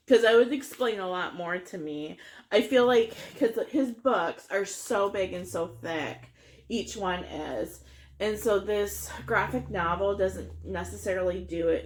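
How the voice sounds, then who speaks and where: A woman talking about her reading in a casual book vlog, earnest and halting, with many fillers and restarts. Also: fairly low pitch. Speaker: book vlogger. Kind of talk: casual book review chat.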